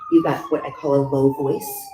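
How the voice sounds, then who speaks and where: A woman's voice: very high-pitched, wildly swooping pitch, normal speed. A middle-aged woman vocal coach giving a chatty, demonstrative workshop talk. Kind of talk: workshop teaching. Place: club workshop room. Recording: roomy echo, faint room noise.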